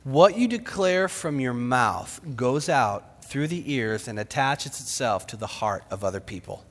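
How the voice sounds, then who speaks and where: A man preaching a sermon, dramatic, swinging from shouts to whispers. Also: mid-range voice, animated, unhurried. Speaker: pastor. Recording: long hall reverb.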